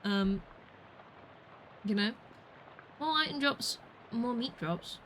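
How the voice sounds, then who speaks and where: A woman's voice: a little high, slow, a bit bright, a little hiss or hum, rough recording. A woman chatting playfully through a video game on a livestream, muttering to herself and playing with words. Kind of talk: gaming livestream commentary.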